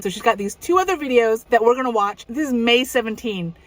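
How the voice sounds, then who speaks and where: A woman's voice: fairly high pitch, a little fast. A woman hosting a reaction video, chatting casually and thinking aloud with hedging asides.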